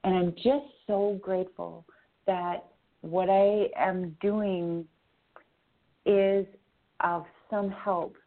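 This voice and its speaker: A woman's voice: mid-range voice, fairly even intonation, extremely slow, long pauses. A woman co-hosting a radio show as a rune reader, musing earnestly on spiritual ideas. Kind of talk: reflective radio talk. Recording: tinny phone line.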